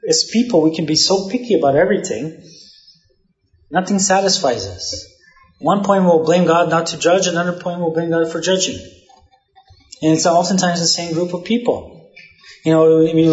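A male pastor preaches in an easygoing, talky manner, scattering asides through his points. His voice sits a little high for a man. The recording is roomy and slightly dull, as if taken in a reverberant hall. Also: darkish tone. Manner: conversational preaching with frequent "you know" asides. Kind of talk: sermon.

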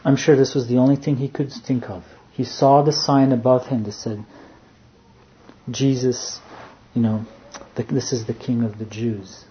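A man preaching a sermon, earnest in tone, dropping to a hush when he quotes. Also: mid-range voice, fairly even intonation, unhurried. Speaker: pastor. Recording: dull lo-fi sound, faint background noise.

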